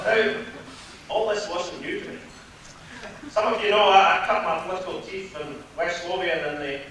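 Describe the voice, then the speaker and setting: A man's voice: high voice, pushed and bright. A Scottish man giving a political rally speech in a hotel hall, rhetorical and sarcastic. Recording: very echoey hall from far off, faint noise.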